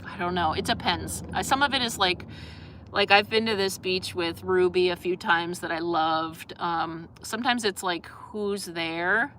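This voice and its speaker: A woman's voice: on the low side, a little slow, fairly bright tone, slight background noise. A young adult woman hosting a casual live stream, chatting in a rambling way with lots of fillers and reading out viewer comments.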